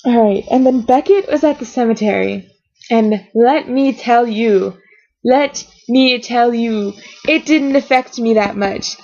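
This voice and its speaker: A woman with a fairly high voice gushes through an excited fan reaction, rambling and trailing off as her thoughts tumble out. The sound is dull and lo-fi, as if caught on a built-in webcam mic at home. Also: a little slow. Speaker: vlogger reacting to a TV episode. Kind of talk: emotional fan reaction vlog.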